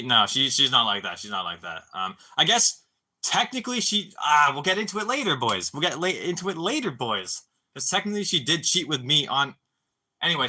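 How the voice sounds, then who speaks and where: A man's voice: medium pitch, bright, forceful tone. A young man telling a long story on a live stream, rambling and swearing, with stammering restarts and constant "dude" and "bro.".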